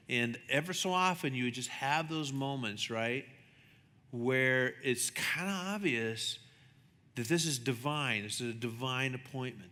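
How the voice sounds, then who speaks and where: A man preaching a sermon as a pastor, chatty and animated, acting out the voices in his stories. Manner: conversational, animated, acts out dialogue with shifting pitch. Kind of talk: sermon with storytelling. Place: church sanctuary. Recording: long hall reverb.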